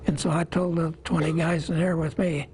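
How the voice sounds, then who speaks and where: A man in his eighties from Iowa, a war veteran telling his memories in an interview, plain-spoken and halting, with small pauses. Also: on the high side, little pitch movement, a little mellow, a little hiss or hum, low-quality recording.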